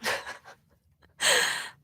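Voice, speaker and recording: A woman's voice: very slow, bright, forceful tone, no echo, clean studio sound. A woman voice actor chatting casually on a livestream, laughing often and filling her talk with "like". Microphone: own microphone.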